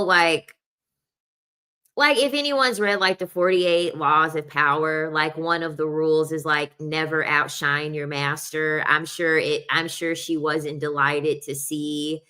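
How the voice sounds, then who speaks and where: A woman's voice: low-pitched, expressive, a little slow, bright, forceful tone, clear, resonant tone. A young adult woman talking in a casual, rambling chat, full of "like" fillers and the odd laugh. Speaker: podcast host.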